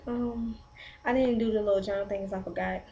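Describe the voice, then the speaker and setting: A woman's voice: mid-range voice, fairly quick, slight background noise, poor audio. A pregnant teenage girl vlogging, telling a long rambling story about her little sister with lots of "like" fillers. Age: 17 to 19, teen. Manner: rambling, animated retelling with many "like" fillers. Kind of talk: casual storytelling vlog.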